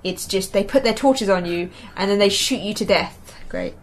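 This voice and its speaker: An English woman with an Essex-tinged accent co-hosts a podcast, rambling through a casual chat about games. She's hesitant, with many ums and restarts, speaking at a moderate pace in a mid-range voice.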